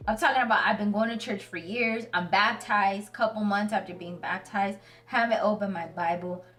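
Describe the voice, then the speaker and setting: A woman vlogger with a medium-pitched voice and moderate pace hosts a Christian video, talking about the Bible in a casual, slangy way. She tells stories animatedly, earnest and emotional, on a distant mic with faint music underneath.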